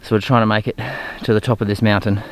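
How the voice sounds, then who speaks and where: A man's voice: on the low side, flat delivery, fast talker, a little hiss or hum. A man with an Australian accent talking casually to the camera while climbing a steep mountain trail, stopping to catch his breath between phrases. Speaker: hiking vlogger. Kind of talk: casual vlog narration.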